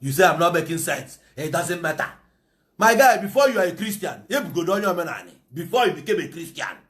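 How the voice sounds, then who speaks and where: Fiery high-voiced Nigerian man. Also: sing-song, fast talker, fairly bright tone. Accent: Nigerian Igbo English. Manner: fiery, preachy, switches into Igbo. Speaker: political commentator. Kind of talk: impassioned monologue.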